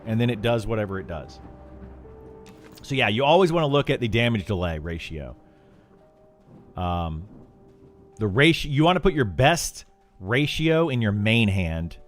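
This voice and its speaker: A chatty middle-aged man talks while he streams a game, wandering from topic to topic. He restarts his sentences and fills gaps with ums and uhs. Faint music plays quietly in the background. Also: mid-range voice. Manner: rambling, chatty, with many fillers and restarts. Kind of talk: casual chat while streaming.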